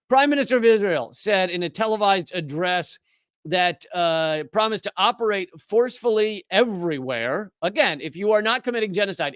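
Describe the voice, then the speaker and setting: A man's voice: high-pitched, a bit bright, no echo, studio quality. A man hosting a live political commentary show, speaking indignantly with sarcastic asides.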